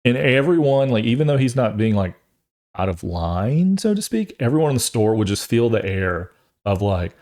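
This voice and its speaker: A man's voice: medium pitch, sing-song, moderate pace, a little mellow. A man in his thirties, a podcast host, telling a long rambling story in a casual way and acting out the voices of other people as he goes.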